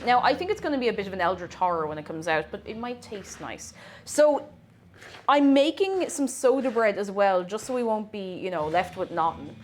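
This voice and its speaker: A woman's voice: mid-range voice, animated, normal speed, faint music behind. A woman streamer chatting casually with her viewers while she bakes. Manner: chatty, reading out viewer messages. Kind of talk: casual chat while baking.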